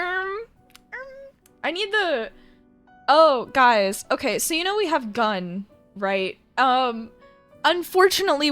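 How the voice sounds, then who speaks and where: A woman's voice: high voice, fairly bright tone. A woman streamer chatting casually with viewers in a rambling, giggly way. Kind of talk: casual chat.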